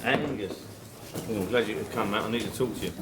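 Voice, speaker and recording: Wry man, low voice. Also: fast talker, very noisy. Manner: wry, self-mocking banter. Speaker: lead character in a sitcom. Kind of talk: scripted sitcom dialogue.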